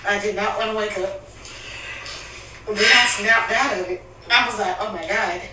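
A woman's voice: mid-range voice, fairly even intonation, normal speed, pushed and bright, a little hiss or hum. A woman telling a personal story in a candid, emotional family conversation. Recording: echoey room, mic at a distance.

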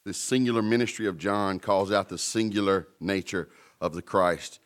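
A man's voice: deep voice, normal speed. A man preaching a sermon in a conversational way, with playful asides and emphatic peaks. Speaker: pastor.

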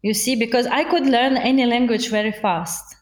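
A woman, a guest in an interview, speaking reflectively with frequent pauses and restarts. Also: a little high, fairly even intonation, echoey room. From Russia. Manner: reflective, hesitant, with many fillers and restarts. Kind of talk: conversational interview.

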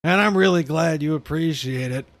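A man's voice: on the high side, moderate pace. A young man co-hosting a podcast, joking crudely, swearing and laughing often. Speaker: podcast co-host. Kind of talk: casual crude banter.

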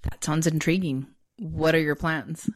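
A woman's voice: low voice, fairly even intonation, unhurried, no echo, clean studio sound. A woman from Los Angeles, a travel advisor co-hosting a podcast, chatting in a playful, dramatic way. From Los Angeles, United States. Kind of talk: casual chat.

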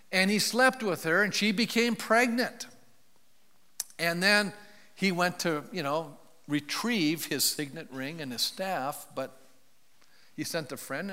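In a church, a male pastor delivers a sermon, recounting a Bible story loosely and conversationally while putting questions to the congregation. His voice is fairly high-pitched with a sharp tone. The recording carries the long reverb of a large hall.

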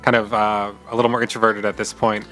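A man's voice: fairly low pitch, flat delivery, quick pace, sharp tone. A man co-hosting a casual music podcast, talking in a thoughtful, analytical way. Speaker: podcast co-host.

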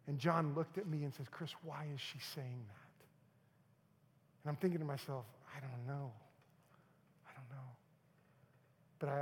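A middle-aged male pastor telling a personal story in a sermon, moving from loud urging to hushed, near-whispered moments. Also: a little high, slightly rough. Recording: long hall reverb.

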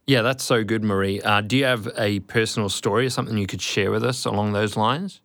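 Calm guy hosting a faith talk, lowish voice, dry close sound. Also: fairly quick, dry recording. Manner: calm, affirming, speaks with frequent fillers. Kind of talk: faith conversation.

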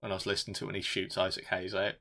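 A man's voice: low voice, completely flat delivery, racing, vocal fry, sharp tone. A man co-hosting a casual film review podcast, rambling and swearing as he jokes. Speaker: podcast co-host.

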